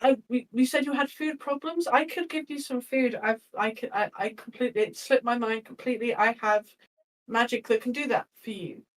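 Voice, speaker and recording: A woman's voice: a little high, brisk, far from the mic, poor audio. A woman playing a tabletop game, chatty and laughing, swearing now and then as she talks through her character's actions. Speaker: player.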